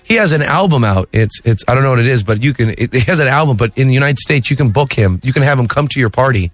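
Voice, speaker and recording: A man being interviewed as a comedian, animated and quick to slip into impressions. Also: mid-range voice, no room sound. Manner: animated, jumps into sung and shouted impressions. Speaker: comedian guest.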